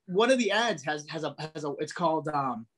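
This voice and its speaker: A man co-hosting a casual collectibles chat, telling stories with lively acted-out dialogue and frequent restarts. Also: a little high, brisk. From New England, US. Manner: animated storyteller, acts out dialogue. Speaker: podcast co-host.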